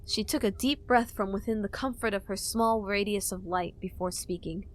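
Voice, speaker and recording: A woman reading fan-fiction narration for an audiobook in a steady storytelling manner. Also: mid-range voice, normal speed.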